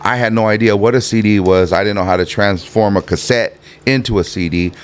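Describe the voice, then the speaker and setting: Speaking fairly quickly with a low-leaning, clean tone, a man in his fifties from the LA harbor area in California guests on a podcast. The rapper spins stories in a loose, laid-back style, often using fillers and restarting sentences.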